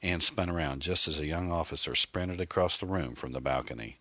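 A man reading a mystery novel aloud in a measured, dramatic narration. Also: rumbling low, bright, forceful tone, no room sound. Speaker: audiobook narrator. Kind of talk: scripted narration.

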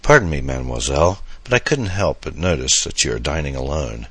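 A man voicing a charming elderly French gentleman with a heavy French accent, courtly and flattering, in an audiobook reading. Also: very deep voice, brisk, husky, dry recording, heavily acted. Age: older. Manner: courtly, flattering, slightly theatrical. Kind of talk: audiobook character voice.

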